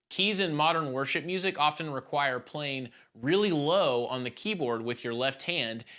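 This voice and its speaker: A man teaching worship keyboard playing, explaining calmly step by step. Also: medium pitch. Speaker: worship keys instructor. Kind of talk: instructional talk.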